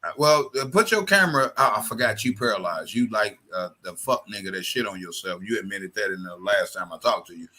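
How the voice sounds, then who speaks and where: A man hosting a heated call-in live stream. His voice is very bright and cutting, and he argues with callers in a profane, repetitive way. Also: fairly low pitch, lively intonation, brisk, hardly any pauses. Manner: confrontational, profane, repeats phrases.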